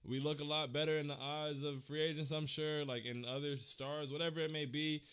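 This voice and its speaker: Choked-up young man, smooth voice. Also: a little high, flat delivery, a little fast, fairly bright tone. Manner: emotional, slangy, repeats himself. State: holding back tears. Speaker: fan channel host. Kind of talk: casual livestream talk.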